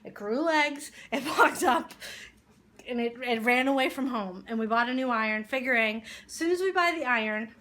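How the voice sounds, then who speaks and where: A woman vlogging casually at home, playful and chatty and quick to laugh. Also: on the high side, lively intonation, a bit bright. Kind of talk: casual home vlog chat.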